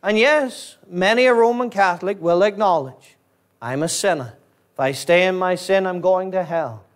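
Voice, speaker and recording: A Northern Irish man preaching a fiery evangelistic sermon as pastor, repeating pleading questions and swinging from urgent high emphasis to low, quiet drops. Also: normal speed. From Northern Ireland. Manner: rising to urgent high-pitched emphasis, then dropping low; repetitive, pleading rhetorical questions.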